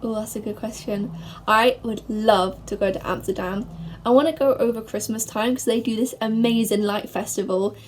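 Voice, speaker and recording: A young woman from England answering viewer questions in a chatty, bubbly way, speeding up when she gets excited. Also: fairly high pitch, normal speed, a little hiss or hum. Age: young adult. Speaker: vlogger. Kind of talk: casual to-camera Q&A.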